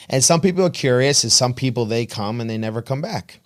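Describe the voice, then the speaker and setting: A man's voice: mid-range voice, animated, fast talker, hardly any pauses. A man with a New York accent, a gym owner and coach talking casually in an interview, blunt and swearing, acting out his clients.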